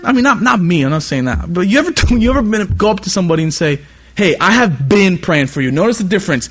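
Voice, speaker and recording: A young man from California delivers a sermon in a fairly high voice. He preaches with animated energy, then slips into relaxed, chatty asides full of "you know.". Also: brisk, breathy edge. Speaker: youth pastor. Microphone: iPad.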